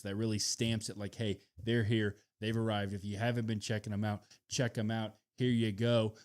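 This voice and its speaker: A man co-hosting a wrestling podcast, talking through picks in a relaxed, matter-of-fact way. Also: fairly low pitch. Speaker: podcast co-host. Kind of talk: casual wrestling chat.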